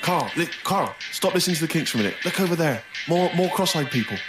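Guy reading a diary out deadpan, lively voice, echoey noisy room. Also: fairly high pitch, fast, music in the background. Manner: dry, deadpan reading breaking into laughter. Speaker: comedy podcast host. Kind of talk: reading a diary aloud with laughter. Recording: roomy noisy podcast recording.

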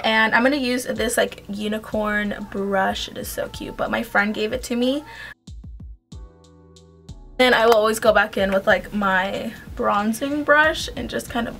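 Chatty young woman with a high voice. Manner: chatty, rambling, uses "like" and "um" often. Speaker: beauty vlogger. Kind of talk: casual makeup tutorial. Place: home.

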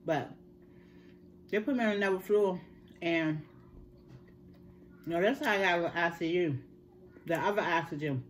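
A woman's voice: lowish voice, normal speed, pauses often, a little hiss or hum. Older woman telling a story. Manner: animated, repeats words for emphasis, addresses listeners as y'all. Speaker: host. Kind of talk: casual storytelling.

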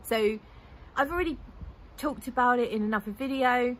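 A woman's voice: fairly high pitch, normal speed, rough recording. A woman, chatting casually and enthusiastically as a fragrance vlogger, rambling a little as she goes. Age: 40s. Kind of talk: casual chat.

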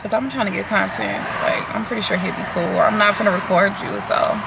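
Young woman vlogging in her car, kinda gravelly voice, lots of road noise behind her, chatty and a bit nervous. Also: medium pitch, fairly quick. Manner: chatty, nervous, laughing asides. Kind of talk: casual car vlog chat. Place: in a car in city traffic. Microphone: camera on a car tripod.

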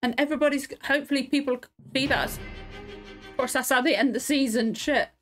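A woman's voice: sits high, normal speed, a bit bright, soft background music. A woman in tears and sniffling, rambling emotionally and swearing often as she reacts to a TV episode at home. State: tearful and sniffling. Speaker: reaction video host. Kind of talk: casual reaction commentary.

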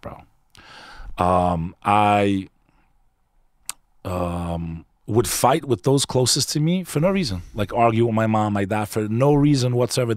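A man's voice: on the low side, dry recording, studio quality. A man guest on a podcast, telling a personal story in an emphatic, earnest, casual way, often saying "bro". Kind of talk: candid conversational storytelling.

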